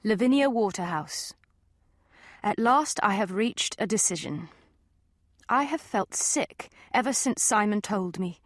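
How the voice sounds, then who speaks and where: A woman's voice: medium pitch, no echo, studio quality. A woman narrating an audiobook in the first person in a prim, well-spoken voice.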